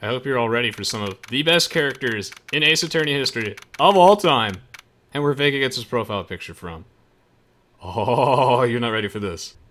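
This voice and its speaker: A man's voice: medium pitch, expressive, a little fast, fairly bright tone. A man streaming a game, chatting enthusiastically with viewers and laughing often. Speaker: let's play streamer. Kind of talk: casual game commentary.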